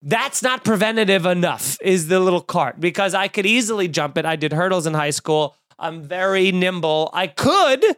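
A man tells a story on a podcast in a loose, ranting way, piling on exaggerations and jokes. His voice sits high for a man. The sound is dry and close, with no room around it. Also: normal speed, hardly any pauses, no echo. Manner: animated ranting, exaggerated and jokey. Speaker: podcast co-host. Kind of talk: casual storytelling chat.

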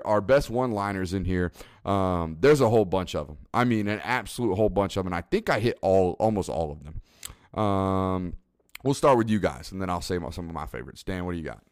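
Animated man on a casual podcast. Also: sits low, brisk. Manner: animated, laughs and quotes movie lines. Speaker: podcast co-host.

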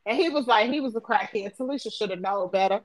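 A woman's voice: mid-range voice, quick pace. A woman hosting a casual phone-chat podcast, telling a story and acting out the voices of the people in it. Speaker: podcast host.

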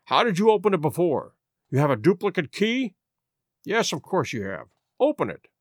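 Firm, measured Victorian detective with a lively delivery, voiced by a male narrator. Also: high-pitched, no room sound, clean studio sound, heavily acted. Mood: urgent. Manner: firm, measured, brisk when urgent. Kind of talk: audiobook reading.

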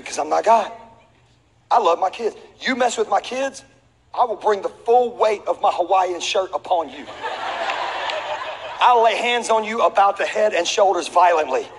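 High-voiced man preaching in a hall. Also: unhurried, long pauses, crowd noise. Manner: animated, acts out voices, laughs, shifts to shouting. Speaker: pastor. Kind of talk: comedic sermon storytelling. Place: large church auditorium. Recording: reverberant hall with faint ambience.

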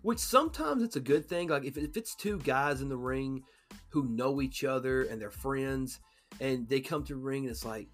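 A man's voice: mid-range voice, animated, moderate pace, faint music behind. A man co-hosting a casual podcast, talking loosely, swearing and acting out quoted lines. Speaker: podcast co-host.

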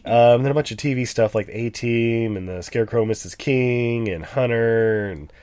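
A man's voice: medium pitch, moderate pace, a little mellow, clean tone, no echo. A man co-hosting a movie podcast in casual chat, sounding stuffed up, joking and rambling with fillers. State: stuffed-up nose. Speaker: podcast co-host.

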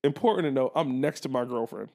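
A young man co-hosting a podcast, telling a story in casual chat, animated and laughing as he acts out the people in it. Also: medium pitch, fast, vocal fry. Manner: animated, laughing, acts out voices in his stories. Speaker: podcast co-host.

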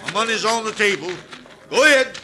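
An actor playing a wary, grieving rancher who talks in an expressive drawl, in 1940s radio acting. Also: male voice, high voice, a little fast, heavy background noise.

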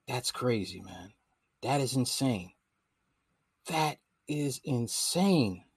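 A man riffing through casual reaction commentary, his pitch leaping around as he marvels at what he hears. His voice sits close and dry, with no room sound. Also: slow, breathy edge, dry recording. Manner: animated, incredulous, slangy. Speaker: commentary host.

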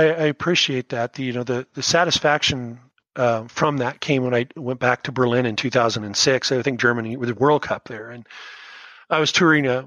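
A man's voice: medium pitch, fairly bright tone, dry recording, low-quality recording. Earnest man, dry close sound. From United States. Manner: earnest, rambling with frequent restarts. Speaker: guest, schoolteacher. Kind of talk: personal storytelling in a podcast interview.

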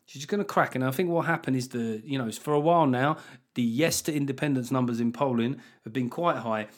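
A male comedian riffing on his podcast in a sardonic, sweary, animated monologue. His voice sits in an average pitch, and he laughs at his own jokes as he goes. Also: fairly quick.

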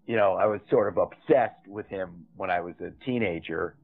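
A man's voice: low-pitched, normal speed. An older man, a film director, telling rambling, chatty stories with many asides in an interview. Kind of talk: anecdotal interview storytelling. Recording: tinny phone-like remote line.

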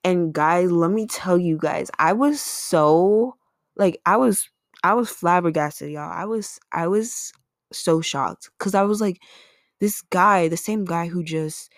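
Woman, podcast host, casual storytelling, filler-heavy, deep voice, dry recording. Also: takes it slowly, no room sound. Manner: chatty, lots of "like" and "um".

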